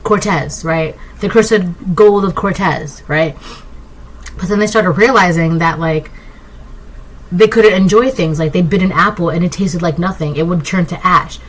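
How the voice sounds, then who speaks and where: A woman giving a casual collective tarot reading, rambling and excitable, often tagging her points with "right?". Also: fairly low pitch, unhurried, rough recording. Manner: keeps asking "right?". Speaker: tarot reader.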